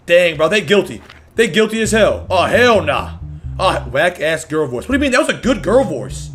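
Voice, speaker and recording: A man streaming a video game, reading and reacting in a loud, slangy, profane and excitable way. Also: high-pitched, normal speed, faint music behind. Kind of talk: casual gameplay commentary.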